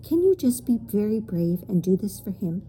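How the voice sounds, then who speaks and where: A woman's voice: mid-range voice, big pitch swings, moderate pace, warm tone, breathy edge, rough recording. A woman voicing an earnest, coaxing young boy in a storybook reading.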